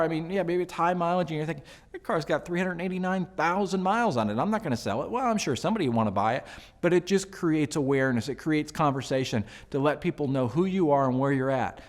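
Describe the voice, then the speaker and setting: A man giving casual sales advice, chatty and animated, with jokes and asides to the viewer. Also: high voice. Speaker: sales coach. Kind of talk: casual advice talk to camera.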